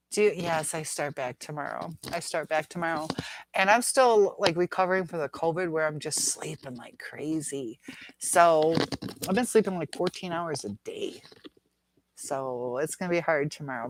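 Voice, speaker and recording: Live-stream host: woman, middle-aged, a little low-pitched, chatty and giggly. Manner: chatty, laughs often, muses aloud. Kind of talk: casual live chat reading comments.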